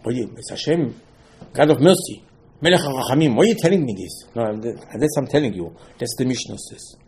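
A man teaches a Torah class in a sermon style, his voice sitting in an ordinary middle pitch. He drives points home by repeating them and by asking questions, then answering them himself. His English carries non-native phrasing. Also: lively intonation, fairly quick, a little mellow. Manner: emphatic, repetitive, asks and answers his own questions.

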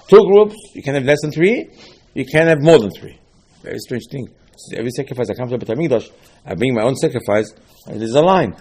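Husky animated rabbi teaching. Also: male voice, medium pitch. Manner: animated, rhetorical questions, repeats phrases. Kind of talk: Torah lesson.

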